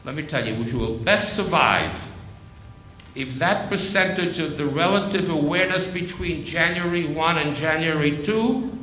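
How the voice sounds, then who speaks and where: A man preaching a sermon, slow and emphatic, repeating phrases for weight. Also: a little high, bright, forceful tone, echoey room, a little hiss or hum, rough recording.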